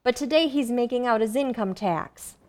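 A woman playing a sweet, high young wife. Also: normal speed, close to an everyday voice. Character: cheerful, kindly young wife and mother. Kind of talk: 1940s radio acting.

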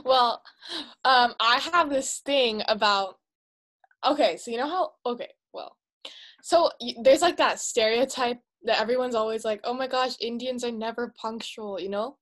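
A teenage girl with a high, bright-pitched voice tells a story to her friends in a casual chat. She talks in an excitable, breathless rush and gasps as she retells her panic. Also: moderate pace. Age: teens.

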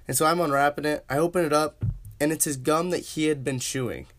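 A man's voice: fairly high pitch, steady tone, a little fast, fairly bright tone. A young man casually telling a funny personal story as host of his own podcast, slangy and laughing along. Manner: laid-back, slangy, laughs while telling.

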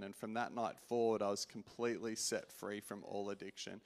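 A man preaching a personal testimony in an earnest way, restarting often and swinging from loud to hushed. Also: fairly low pitch, level tone, moderate pace, few pauses. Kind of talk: sermon testimony.

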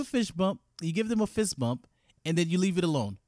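Animated man chatting about gym life. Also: high-pitched, brisk, dry recording, studio quality. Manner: animated, acts out gym banter in quoted lines. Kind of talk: casual chat.

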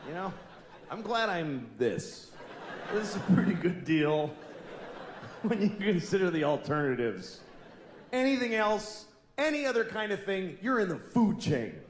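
A man in his forties doing stand-up in a large, echoey theater, with a fairly high voice that jumps around a lot. He talks deadpan and fed up, then bursts into loud, shouted voices. Audience noise is clearly heard underneath. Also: unhurried. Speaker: stand-up comedian. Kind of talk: stand-up comedy routine.

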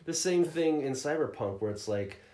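Profane animated man, roomy echo. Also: a little high, normal speed. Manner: profane, animated storytelling with acted quotes. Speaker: podcast co-host. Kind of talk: casual chat.

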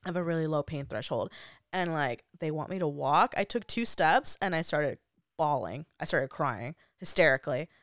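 A woman's voice: sits low, animated, moderate pace, no echo, clean studio sound. A young woman vlogger telling a personal story in a casual, chatty way, full of "like" fillers and frequent laughs. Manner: laughs often while talking.

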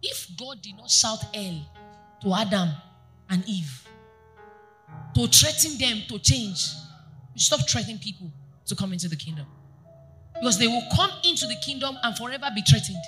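Bright-voiced woman preaching. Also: mid-range voice, moderate pace, faint music behind. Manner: animated preaching, asks the congregation questions. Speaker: pastor. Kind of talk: sermon. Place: church.

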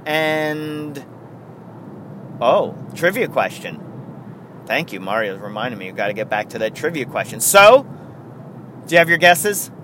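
A man's voice: mid-range voice, big pitch swings, measured pace, long pauses, sharp tone, slight background noise. A man hosting a podcast, chatting casually with lots of chuckles and rambling asides. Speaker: podcast host.

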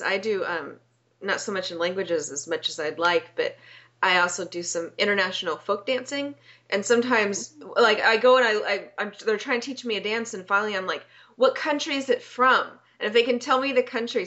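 Bright-voiced woman interviewer, eager. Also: mid-range voice, fairly quick. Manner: enthusiastic, laughs often. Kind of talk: casual interview chat. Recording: dull lo-fi sound.

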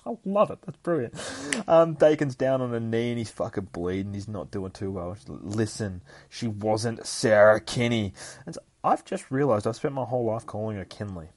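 A man's voice: lowish voice, a little mellow, dry recording. A man hosting a podcast, recapping a comic book issue in casual, heavily profane talk and acting out the fight sound effects. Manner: profane, swears constantly. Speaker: podcast host.

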